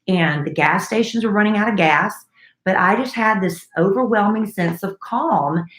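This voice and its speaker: A middle-aged woman and radio co-host, telling a story in a chatty, animated way in casual talk. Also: medium pitch, normal speed. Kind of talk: casual chat. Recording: echoey room.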